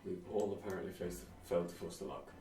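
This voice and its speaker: A man's voice: deep voice, fast talker. A man streaming a video game, chatting casually with dry, sarcastic muttered asides. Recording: roomy, distant mic, faint music.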